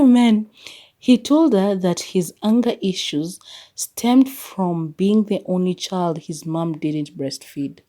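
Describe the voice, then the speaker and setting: A woman's voice: deep voice, warm tone. A young woman hosting her own podcast, chatting casually and animatedly, laughing often and slipping between English and Swahili. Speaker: podcast host. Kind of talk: casual solo podcast chat.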